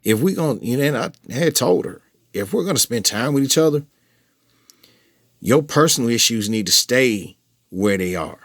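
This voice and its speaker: A man's voice: medium pitch, moderate pace, no room sound, clean studio sound. A man casually recounting a personal story to his viewers, with lots of profanity and frequent restarts, his voice jumping when he replays his own angry replies. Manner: profane, animated retelling with heated quoted outbursts; frequent restarts and filler phrases. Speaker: vlogger updating followers.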